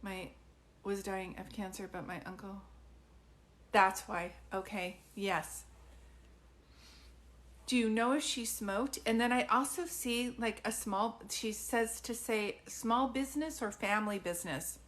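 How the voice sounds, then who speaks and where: A woman doing live psychic readings for viewers, chatty and informal, filling pauses with ums and calling people sweetie. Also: medium pitch, fairly bright tone. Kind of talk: livestream chat with viewers.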